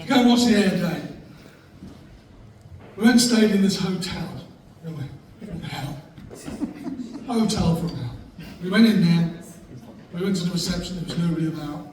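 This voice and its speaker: A man's voice: high-pitched, normal speed. A man giving a humorous speech to a live audience, telling jokey anecdotes about his wife and laughing along as he goes. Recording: echoey room from far off, faint noise.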